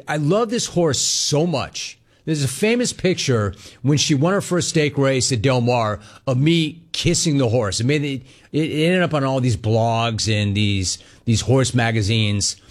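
Animated male sports talk host. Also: medium pitch. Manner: animated storytelling, mimics callers and others in quotes. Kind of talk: casual radio-style monologue.

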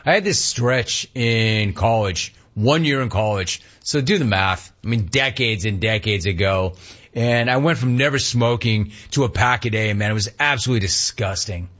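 A man in his fifties hosting a call-in talk radio show, ranting with animated energy and mocking voices. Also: measured pace, muffled recording. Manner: animated ranting, mocks cheerful clerks in a high voice. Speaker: radio talk show host taking calls.

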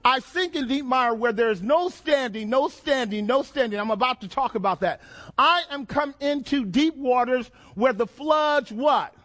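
Man, preacher, very high voice, call-and-response questions, dramatic repetition. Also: fairly bright tone. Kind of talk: sermon.

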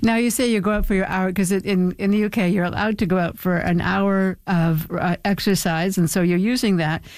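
A woman's voice: medium pitch, fairly even intonation, fairly quick, hardly any pauses, a little mellow, no echo. A woman interviewing a guest on the radio, asking playful, teasing questions.

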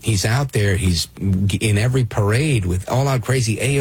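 A man's voice: on the low side, normal speed, hardly any pauses, darkish tone, breathy edge, dry recording. A man from Brooklyn hosting a call-in radio show, talking emphatically and often asking "right?". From Brooklyn, New York. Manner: emphatic, restarts and rhetorical "right?". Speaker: radio talk show host.

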